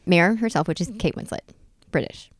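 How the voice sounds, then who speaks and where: Woman co-host with a lowish voice, lively and profane in casual chat, recorded dry. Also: brisk, no echo. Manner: animated storyteller, swears freely, jumps into high exclamations. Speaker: podcast co-host.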